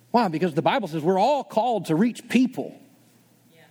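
A man preaching to a congregation with a slightly high voice, fast and animated, playing out his listeners' doubts in quick little asides. His voice carries a long reverb from a large church auditorium. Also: husky. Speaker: pastor. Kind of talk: sermon.

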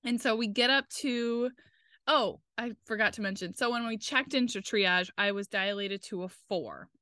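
A woman's voice: fairly high pitch, normal speed, sharp tone, no room sound, clean studio sound. A young woman talking casually and candidly as a podcast co-host, swearing freely as she tells a personal story and quotes the people in it.

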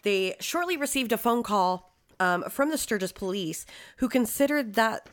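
A woman's voice: fairly high pitch, lively intonation, moderate pace. A woman co-hosting a true-crime podcast, reading case details and then riffing with blunt, swearing asides. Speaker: podcast co-host.

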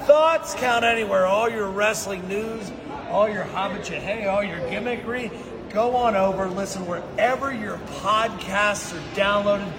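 A man's voice: sits high, measured pace, crowd noise. A man giving a boastful, hyped-up podcast promo. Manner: boastful, loud, hype.

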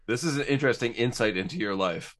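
An easygoing man co-hosts a casual podcast chat. He laughs along and steers the conversation in a steady, mid-pitched voice. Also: quick pace. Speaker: podcast co-host.

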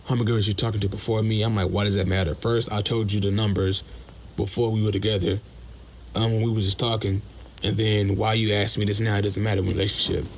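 A man's voice: on the low side, slight background noise. A young man calling in, bluntly telling a personal story in slangy speech. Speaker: caller.

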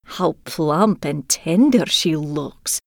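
A woman's voice: low-pitched, expressive, slow pace, vocal fry, no room sound, clean studio sound, heavily acted. A woman voicing a greedy old robber crone.

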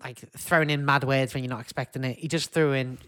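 A man with a Northern English accent talks casually on a podcast, his thoughts rambling and his sentences full of hesitations. His voice sits in an ordinary middle pitch. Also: fairly even intonation, quick pace, fairly bright tone, smooth. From Wigan, England. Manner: chatty, rambling, hesitant with fillers. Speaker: podcast co-host. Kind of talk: casual chat.

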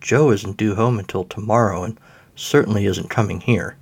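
A man's voice: lowish voice, normal speed, creaky, breathy edge. A man voicing a tired, glum adult at home in a read-aloud play, dry and exasperated. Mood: weary.

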